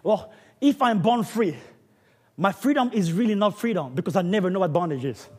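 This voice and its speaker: A man preaches in a very high, husky voice. He swings between hushed stretches and loud, shouted peaks as he drives his sermon home. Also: lively intonation, brisk. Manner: builds to shouting, dramatic swings in delivery.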